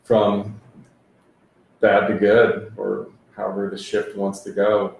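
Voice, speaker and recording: A man's voice: fairly low pitch, completely flat delivery, slow pace, vocal fry. A man telling his story as an interview guest, laid-back and full of fillers. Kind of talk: conversational testimony. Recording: very echoey room with faint background noise.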